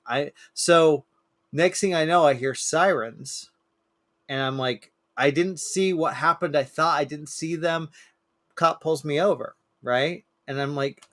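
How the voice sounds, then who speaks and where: A man on a podcast telling stories in a casual chat, swearing freely, his voice climbing when he acts out shouting people. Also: normal speed, no echo. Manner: swearing, animated storyteller, rises high when quoting angry people. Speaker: podcast co-host.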